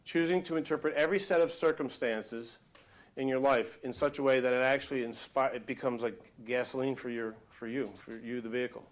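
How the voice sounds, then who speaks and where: Animated male motivational speaker. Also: mid-range voice, brisk. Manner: animated storytelling, emphatic and conversational. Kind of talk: live motivational workshop talk.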